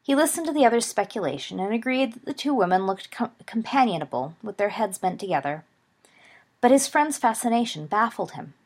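A woman narrating a story aloud with an even, steady reading. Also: on the high side, fairly quick. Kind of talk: audiobook narration of fan fiction.

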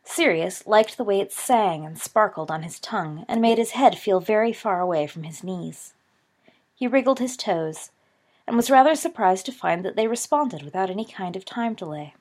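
A woman's voice: mid-range voice, animated, normal speed, a little mellow. A woman reading a fan fiction story aloud as narrator.

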